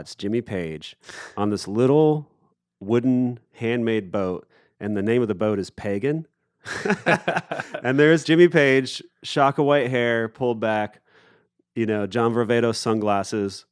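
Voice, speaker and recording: A man from Appalachia, a musician telling a story in a casual interview, relaxed and full of fillers. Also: fairly low pitch, a little slow, smooth, no echo, clean studio sound. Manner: relaxed anecdotal, with fillers and acted-out quotes. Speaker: musician guest. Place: festival recording booth.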